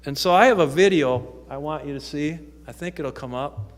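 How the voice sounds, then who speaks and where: A man's voice: fairly high pitch, normal speed. A man who works in youth ministry, telling stories in a chatty way with frequent ums as he speaks from the pulpit of a church. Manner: conversational storytelling with frequent ums. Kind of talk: informal testimony talk from the pulpit. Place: church sanctuary. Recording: echoey church hall.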